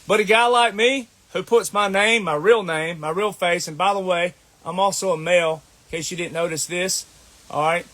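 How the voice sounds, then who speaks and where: A man with a Southern US accent rants to camera as an online commentator, delivering a scolding, combative monologue and repeating his points. His voice is high-pitched and a bit bright, at a moderate pace.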